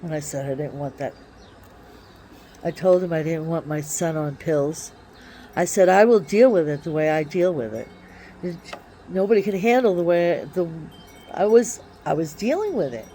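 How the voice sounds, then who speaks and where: A woman vlogging casually from her backyard on her phone, talking in an excitable, drawling way with sudden swings of emphasis. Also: low voice, moderate pace, slight background noise. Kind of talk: rambling casual monologue. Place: backyard by a wooded area, outdoors.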